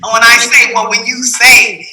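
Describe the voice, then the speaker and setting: A woman hosting a casual talk about marriage, telling a story in an animated way and laughing as she tells it. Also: on the high side, moderate pace, reverberant, distant mic, rough recording. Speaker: host.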